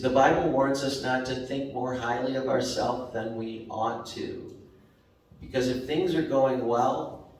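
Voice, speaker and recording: A man preaching a sermon as pastor, slow and repetitive, rising sharply for emphasis. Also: medium pitch, darkish tone, slight background noise. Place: church sanctuary. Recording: very echoey church hall, mic at a distance.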